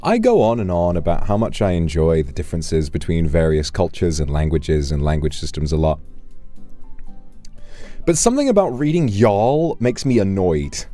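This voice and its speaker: British male streamer, low mellow voice, bouncy delivery, cheeky and profane. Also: moderate pace, faint music behind. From United Kingdom. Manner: animated and playful, swears freely, trails off into asides. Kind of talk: casual live-stream chat, reading donations.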